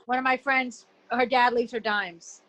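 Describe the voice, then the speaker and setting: A woman's voice: on the high side, steady tone, unhurried, background noise. A woman chiming in briefly during a casual group conversation. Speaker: group participant.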